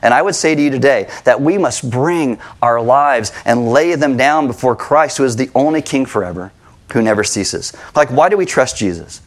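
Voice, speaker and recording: A middle-aged man preaching a sermon to his congregation, conversational and animated, asking rhetorical questions. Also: mid-range voice, normal speed. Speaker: pastor. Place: church sanctuary with congregation.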